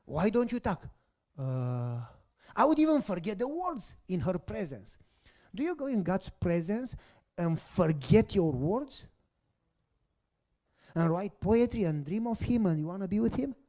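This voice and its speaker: Male pastor, dramatic storytelling sermon, very expressive pitch, hushed-to-loud delivery. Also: a little slow. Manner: dramatic storytelling with rhetorical questions to the congregation; swings between soft hushed lines and loud bursts.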